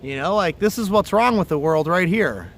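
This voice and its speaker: A man with a notably high voice hosts a fishing livestream from the water's edge. He talks in a loose, rambling, profanity-laced way, as if chatting with friends. A faint hiss of outdoor ambience sits under his voice. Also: expressive, moderate pace, creaky. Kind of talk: casual chat. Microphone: phone or camera on a livestream.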